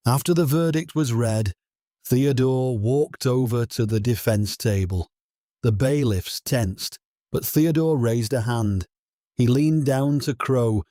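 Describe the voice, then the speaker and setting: Male narrator for a dramatic story: unhurried, mellow, steady and solemn. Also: medium pitch, dry recording, studio quality.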